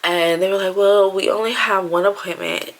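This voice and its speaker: A woman's voice: mid-range voice, steady tone, normal speed. A woman in her thirties telling a personal story in a casual vlog, chatty and acting out what people said. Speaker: vlogger.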